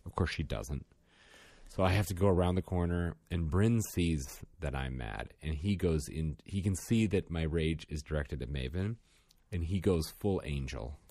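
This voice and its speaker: A man in casual chat, a parent of two young children, telling animated stories and acting out the kids' lines. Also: very deep voice, moderate pace, no room sound.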